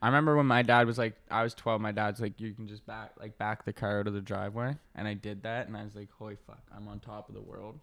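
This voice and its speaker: A man's voice: on the low side, fairly even intonation, fast, few pauses, a bit bright. Easygoing young man who laughs often. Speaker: podcast co-host. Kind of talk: casual chat.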